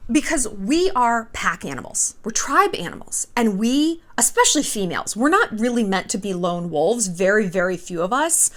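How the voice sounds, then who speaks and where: A woman's voice: on the high side, sing-song, normal speed. A woman hosting a vlog, with candid, chatty commentary laced with profanity. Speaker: vlog host. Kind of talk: casual commentary.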